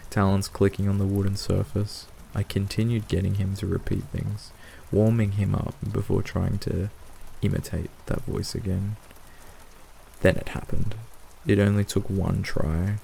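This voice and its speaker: Man narrating a bedtime horror story, heavy vocal fry, soft rain behind. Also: on the low side, slight background noise, low-quality recording. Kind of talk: scripted narration of horror stories for sleep.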